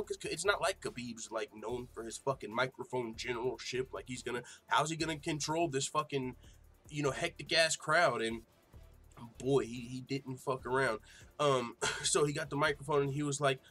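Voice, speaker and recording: A man hosting an MMA talk show, chatting casually with lots of swearing and sudden loud outbursts. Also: medium pitch, slightly rough. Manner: excitable, swearing, mimics quotes loudly. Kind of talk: casual profane commentary.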